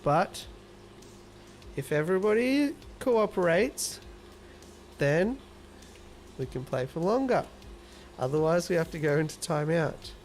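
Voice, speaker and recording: A man's voice: a little high, expressive, unhurried, pauses often, darkish tone, slight background noise. An Australian man hosting a casual livestream, reading viewer comments aloud and teasing them playfully. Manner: playful, teasing, laughs often. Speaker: livestream host.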